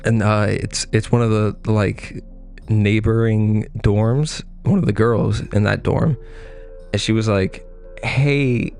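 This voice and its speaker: A young man in his twenties telling a rambling, profane story in a casual monologue and jumping into squeaky voices when he quotes people. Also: steady tone, measured pace, vocal fry, darkish tone, faint music behind. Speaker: podcast host.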